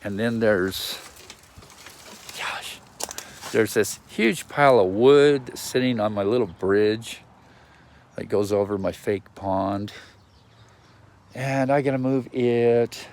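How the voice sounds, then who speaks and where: Low, slow-talking man rambling outdoors. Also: a little mellow, slight background noise. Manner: meandering, self-interrupting, lots of ums and restarts. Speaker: vlogger. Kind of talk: rambling outdoor video message. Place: outdoors in a yard.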